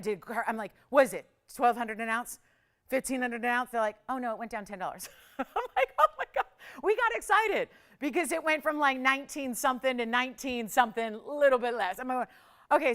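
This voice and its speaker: Woman, middle-aged, shopping channel host, smooth clear voice, somewhat high, chatty sales talk. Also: a bit bright. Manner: chatty, upbeat, with bursts of laughter. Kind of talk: live jewelry sales pitch.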